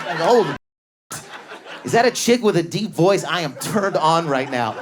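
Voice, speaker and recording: A Canadian man doing stand-up, telling animated stories and bursting into shouted impressions of other people. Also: a little high, normal speed, background noise. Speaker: stand-up comedian. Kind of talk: stand-up routine. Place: comedy club stage before a live audience. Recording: live club with loud crowd laughter. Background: audience laughter.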